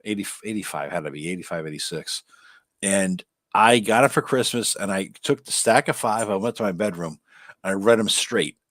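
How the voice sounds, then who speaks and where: A man co-hosting a live stream, chatting casually and telling stories in a profane, animated way. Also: fairly low pitch, moderate pace, no echo, clean studio sound. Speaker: co-host.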